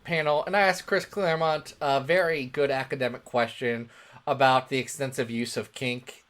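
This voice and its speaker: A man's voice: medium pitch, moderate pace. A man co-hosting a comics podcast, telling jokey stories in casual chat. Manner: animated, joking, storytelling. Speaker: podcast co-host.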